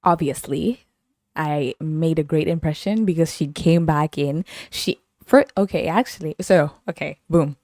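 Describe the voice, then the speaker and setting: A woman's voice: deep voice, unhurried, a little mellow, dry recording, studio quality. A woman from Zimbabwe, hosting her podcast and telling stories in a playful, repetitive way. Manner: playful, repeats phrases, laughs often. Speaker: podcast host. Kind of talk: casual storytelling.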